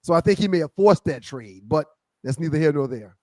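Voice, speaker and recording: A man's voice: on the high side, animated, brisk, darkish tone, dry recording, studio quality. A man co-hosting a casual sports talk show, telling a sports story in an easygoing way. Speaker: co-host.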